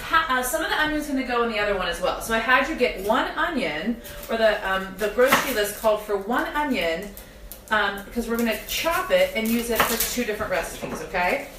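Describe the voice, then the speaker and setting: A woman's voice: fairly high pitch, lively intonation, fairly quick, reverberant, recorded from a distance, noisy background. A young woman hosting a live cooking demonstration in her home kitchen, chatting directly to viewers with self-deprecating humor while her eyes water from onions. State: teary-eyed from onions. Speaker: cooking show host. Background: kitchen clatter of pots and dishes.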